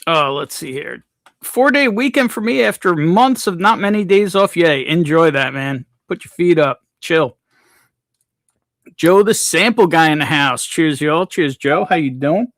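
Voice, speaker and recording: A man's voice: a little high, animated, measured pace, a bit bright, no room sound. Laid-back man greeting livestream chat. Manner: reads chat names aloud, laid-back. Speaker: livestream host.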